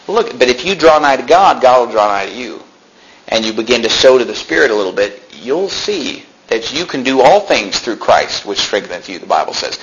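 A man preaching a sermon as pastor, emphatic, swinging between loud peaks and quiet drops. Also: mid-range voice, animated, moderate pace, low-quality recording.

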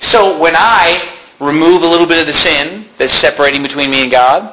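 Forceful, sharp-voiced male preacher. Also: fairly high pitch, brisk, a little hiss or hum, poor audio. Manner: emphatic preaching with sudden loud peaks and quiet drops. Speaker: pastor. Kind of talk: preaching a sermon.

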